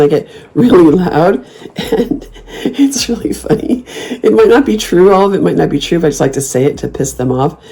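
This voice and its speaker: A woman's voice: fairly low pitch, expressive, moderate pace, gravelly, warm tone, breathy edge. A woman in her fifties talking casually and bluntly, sassy and snarky, swearing freely and slipping into mocking voices when she quotes her comebacks. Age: 50s. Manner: playful mocking put-on voices when quoting herself. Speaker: host. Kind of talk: casual talk to camera.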